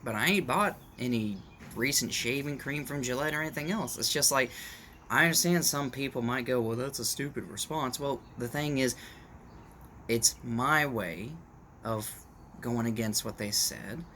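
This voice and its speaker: A man's voice: mid-range voice, moderate pace, sharp tone, slight background noise. A man talking casually to his viewers in a rambling opinion rant, with restarts and asides, recorded at home on a camera mic. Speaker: vlogger. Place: at home in the morning, dog nearby.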